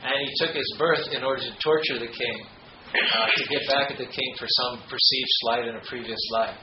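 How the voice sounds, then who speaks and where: A man giving a spiritual talk, reading quotes with firm emphasis and slipping into a halting, filler-laden storytelling voice. The voice sits at a middle pitch in a roomy space, slightly muffled, with steady background noise. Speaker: spiritual speaker. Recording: roomy, dull, noisy ambience.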